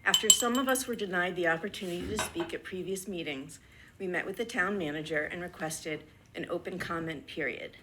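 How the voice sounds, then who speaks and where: A woman reading a prepared public comment at a town board meeting, earnest and measured, a little out of breath. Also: fairly low pitch, noisy background. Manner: earnest, measured, deliberate pauses between list items. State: slightly out of breath. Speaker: resident speaking at public comment.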